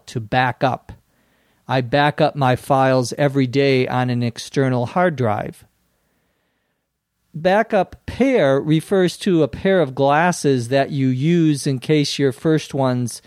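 A man's voice: medium pitch, unhurried, darkish tone, no echo, studio quality. A man with a Minnesota accent hosting an English lesson podcast, patiently explaining words and spelling them out. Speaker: English teacher and podcast host.

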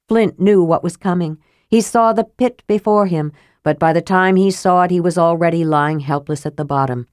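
Low-voiced woman reading a fantasy audiobook. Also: normal speed, darkish tone, no room sound, studio quality. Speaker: audiobook narrator.

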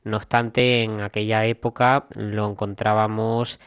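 A man presenting a music radio program, introducing a historical recording in a calm, even, informative way. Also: fairly low pitch, normal speed, smooth, no echo, clean studio sound.

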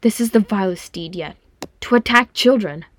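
A woman's voice: medium pitch, moderate pace, close to an everyday voice. A woman voicing an earnest dwarf king. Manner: earnest, heartfelt.

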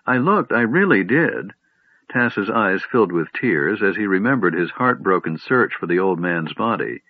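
A man voicing an eager, chatty male kender who tells tales excitedly and stammers at times. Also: fairly low pitch, moderate pace, no room sound. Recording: tinny phone-like line, dry.

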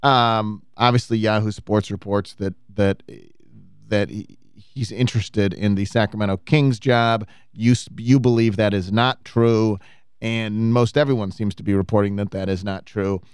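A man's voice: fairly low pitch, steady tone, moderate pace, dry recording, clean studio sound. A man hosting a sports talk radio show, teasing his co-host and leading into guest questions. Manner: teasing, mock-prosecuting banter and crisp show segues. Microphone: studio microphone.

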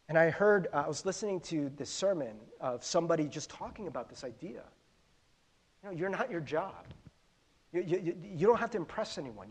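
A man's voice: a little high, expressive, a little fast, husky. A middle-aged man preaching a conversational sermon as a pastor, often stumbling over repeated words. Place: church sanctuary.

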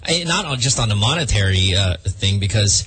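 Man, radio host, husky, rambling, stop-start speech. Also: on the low side, animated, a bit bright. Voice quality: husky, halting with many restarts. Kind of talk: casual radio chat.

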